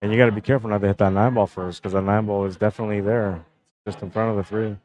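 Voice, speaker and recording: A man's voice: on the low side, fairly even intonation, racing, darkish tone, rough recording. A young man casually commenting on a pool match on his live stream, chatting with viewers and greeting them by name. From Canada.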